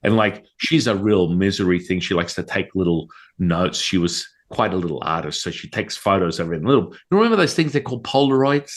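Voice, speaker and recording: A middle-aged man telling a story in a casual interview, animated and profane, acting out his own side of the dialogue. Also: sits low, fairly quick. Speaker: guest, Taoist priest.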